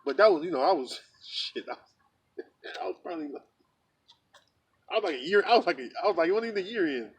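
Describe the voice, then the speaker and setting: A man's voice: high voice, animated, fast talker, long pauses, slightly rough, recorded from a distance. A man telling a story in casual talk, rambling and profane, repeating himself with lots of "you know" and "man". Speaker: religious group member telling a story.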